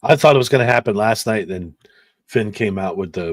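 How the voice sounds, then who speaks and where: A man's voice: sits low, fast, dry recording. A man co-hosting a podcast in casual chat, with an easygoing, chuckling manner. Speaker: podcast co-host.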